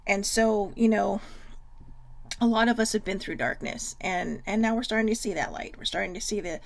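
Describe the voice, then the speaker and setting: A woman's voice: medium pitch, normal speed, gravelly. A woman hosting a casual self-love livestream, chatty and frank, swearing freely. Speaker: host.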